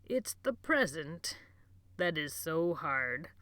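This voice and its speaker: A woman doing a frail hoarse old librarian. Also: sits low, big pitch swings, sharp tone, no room sound, full character voice. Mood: wistful. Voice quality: hoarse, near-whisper. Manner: slow, halting, dreamy speech. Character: frail, gentle old male asylum librarian.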